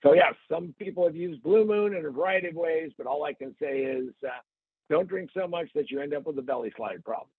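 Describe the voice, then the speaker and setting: On a casual comic podcast, a male host jokes around and tells stories full of playful asides, speaking fairly quickly. His voice is slightly high with a gravelly, husky edge, heard over a tinny, phone-like line that sounds dry, with no room sound.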